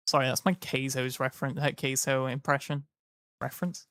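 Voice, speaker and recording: A man's voice: medium pitch, a little fast, fairly bright tone, no room sound, clean studio sound. A tired man chatting casually to his live-stream audience, rambling and joking. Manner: rambling, jokey, slips into silly voices. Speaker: livestreamer.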